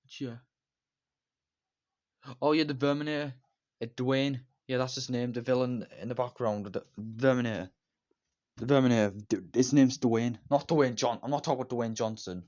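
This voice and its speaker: A man's voice: medium pitch, fairly even intonation, normal speed, darkish tone. A man giving a casual, rambling movie review, enthusiastic and repetitive, with many fillers and restarts. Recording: dull lo-fi recording.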